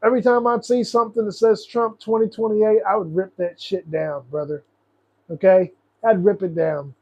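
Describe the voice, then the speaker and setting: A man's voice: high voice, steady tone, moderate pace, dark tone, muffled recording. A young man hosting a casual political livestream, ranting in a profane, frustrated, rambling way. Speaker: host.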